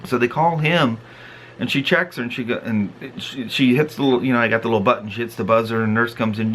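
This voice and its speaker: A middle-aged man spins a family story in a relaxed, chatty way. He gets animated and acts out the big moments. A faint hum of noise sits behind him. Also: medium pitch, fast talker. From Pacific Northwest of the US. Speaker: vlog host. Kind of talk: casual storytelling.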